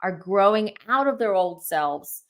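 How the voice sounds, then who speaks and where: A woman's voice: medium pitch, expressive, measured pace, a bit bright. A woman in her thirties, a clairvoyant tarot reader hosting a casual chat, talking earnestly and repeating herself as she goes. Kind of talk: casual spiritual reading chat.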